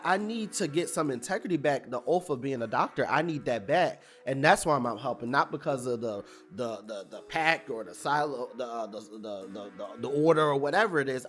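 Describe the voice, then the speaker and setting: A man casually recapping a TV episode, retelling scenes in a loose, chatty way and voicing characters' lines as he goes. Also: medium pitch. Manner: loose, chatty retelling with fillers and acted-out quotes. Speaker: TV recap reviewer.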